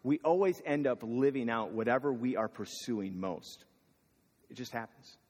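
A man's voice: mid-range voice, animated, moderate pace, a little mellow. A man preaching a sermon in a casual, conversational way, asking the listeners questions. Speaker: pastor. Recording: long reverb of a hall.

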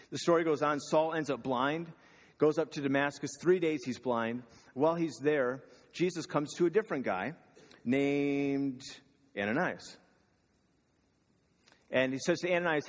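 A man's voice: medium pitch, normal speed, pauses often. A man preaching a sermon in a casual, conversational way, asking the listeners questions. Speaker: pastor. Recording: long reverb of a hall.

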